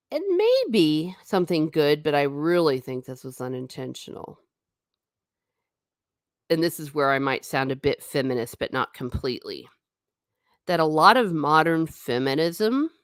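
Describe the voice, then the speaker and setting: A woman's voice: low voice, dry recording, clean studio sound. A middle-aged woman hosting a casual live stream, chatting and reading viewer comments aloud. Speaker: host.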